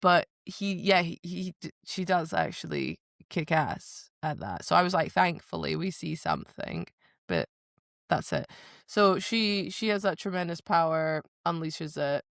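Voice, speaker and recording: A woman co-hosting a casual book podcast, talking fast and breaking into quick voices for the characters. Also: on the low side, gravelly, no room sound, studio quality. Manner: animated, acts out characters in quick impressions. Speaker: podcast co-host.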